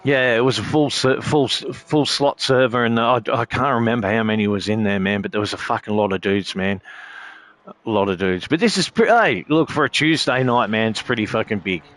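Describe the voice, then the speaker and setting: A man's voice: lowish voice, normal speed, a bit bright. An Australian man streaming sim racing, chatting casually with viewers in a laid-back, rambling way and swearing constantly. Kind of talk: casual live-stream chat.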